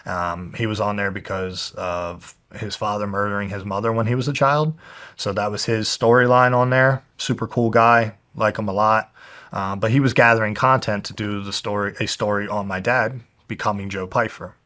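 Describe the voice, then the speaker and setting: A man's voice: on the low side, normal speed. Swearing young man telling a story. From New Jersey, USA. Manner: heavy swearing, animated retelling with quoted voices. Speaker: guest, pro fighter. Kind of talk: candid storytelling.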